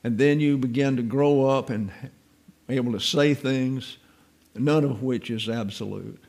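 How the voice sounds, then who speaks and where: A man's voice: mid-range voice, measured pace, gravelly, a little mellow. A man giving an informal Bible teaching, mixing scripture points with wry, folksy stories from his own life.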